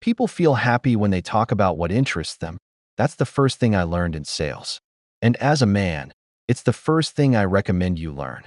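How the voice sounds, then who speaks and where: Male reaction host, judgmental and lively in pitch. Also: moderate pace, no room sound, studio quality. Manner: blunt, judgmental. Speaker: commentary host. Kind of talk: reaction commentary.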